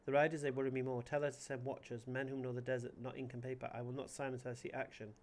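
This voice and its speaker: A cautious village headman from a strategy game speaks in a slow, measured way, read out by a man. His voice sits at an ordinary pitch with a gravelly edge. He sounds guarded and weighs every word. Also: level tone, a little mellow, slight background noise, lightly acted. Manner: measured, reading text aloud. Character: wary male village elder, measured and guarded.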